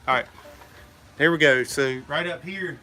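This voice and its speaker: A man's voice: on the high side, unhurried, pushed and bright, low-quality recording. A man hosting a casual live chat, laid-back and chuckling, with a slight cold. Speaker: host.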